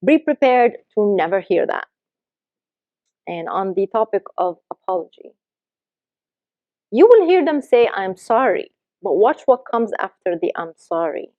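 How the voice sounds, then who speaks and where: A woman's voice: mid-range voice, big pitch swings, measured pace, long pauses, dry recording, lo-fi sound. A woman life coach giving earnest, emphatic advice to camera, acting out the lines people say.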